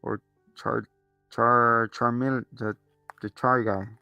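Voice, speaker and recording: A man's voice: mid-range voice, slow, creaky, clean tone, no echo, highs cut off, soft background music. A man co-hosting a movie review show, retelling the plot in casual chat with lots of swearing and acted-out lines. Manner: animated retelling full of swearing, acts out the characters.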